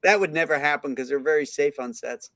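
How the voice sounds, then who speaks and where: A man's voice: a little high, brisk, bright, forceful tone, dry recording, studio quality. A man co-hosting a podcast, chiming in with sarcastic quips in casual chat. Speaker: podcast co-host.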